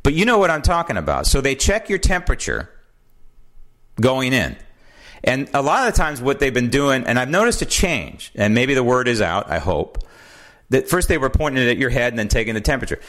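A man's voice: medium pitch, sing-song, brisk, fairly bright tone. An American man hosting a talk show, delivering an indignant, emphatic political commentary monologue from a home studio. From United States. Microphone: studio mic with old headphones.

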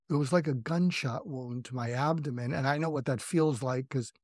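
A man's voice: medium pitch, darkish tone, no room sound. Older man, earnest, dry close sound. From New England, US. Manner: earnest, reflective, self-revealing. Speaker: psychiatrist guest. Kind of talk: candid personal storytelling.

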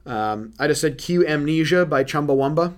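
A man hosting a casual movie-review chat, animated and profane, often laughing as he talks. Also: on the high side, moderate pace. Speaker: podcast host.

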